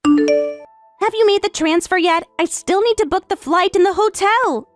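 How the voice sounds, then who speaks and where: A woman putting on a shrill, entitled young daughter. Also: measured pace, no room sound, soft background music. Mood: indignant.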